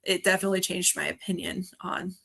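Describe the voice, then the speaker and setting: A young woman from Montana, a guest on a video-call interview, telling ghost stories in a lively way and laughing often. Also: fairly low pitch, quick pace, vocal fry, husky. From Montana, USA. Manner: animated storyteller, laughs often. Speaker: guest, film festival organizer.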